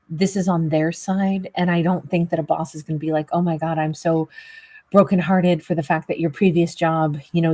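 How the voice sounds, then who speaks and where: Wheezy, husky woman giving a rambling tarot reading. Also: on the low side, darkish tone. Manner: rambling, heavy with fillers. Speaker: tarot reader.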